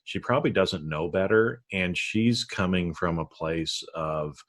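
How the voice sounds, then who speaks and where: A man's voice: sits low, measured pace, a bit bright. A man hosting a podcast in casual chat, talking in an easygoing way. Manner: easygoing, many fillers and restarts. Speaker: podcast host.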